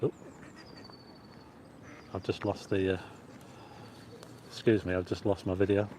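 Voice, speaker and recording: The host's voice sits low, with a level, warm tone and a measured pace, and there's slight background noise. He's live-vlogging a walk in a city park on a plug-in mic clipped to a phone on a stabilizer. His talk is loose and rambling as he greets viewers and reads the chat.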